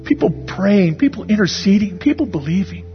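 A man's voice: high voice, expressive, normal speed, highs cut off, soft background music. A man preaching a sermon as pastor, asking his listeners earnest, repeated questions.

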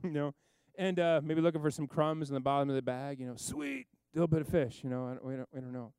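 Guy preaching, tells the story all animated, does little voices for people, smooth clear voice, dry sound. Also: mid-range voice, fast talker, no room sound. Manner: animated storytelling, acts out characters, rambling asides. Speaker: pastor. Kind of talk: sermon.

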